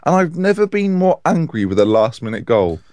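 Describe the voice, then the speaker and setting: A man co-hosting a casual football podcast, animated and opinionated. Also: on the high side, fairly quick, no echo, studio quality. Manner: animated, opinionated, chatty with restarts. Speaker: podcast co-host.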